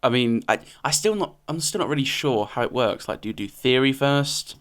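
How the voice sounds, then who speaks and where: Young male co-host, chatty and hesitant, filler-heavy, medium pitch. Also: animated, brisk, fairly bright tone. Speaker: podcast co-host. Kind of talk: casual chat.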